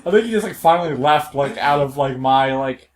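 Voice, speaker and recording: A young man telling stories in casual chat, swearing often, laughing a lot and loudly acting out what people said. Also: medium pitch, fairly quick. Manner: profane, laughing, acts out quotes loudly. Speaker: podcast co-host.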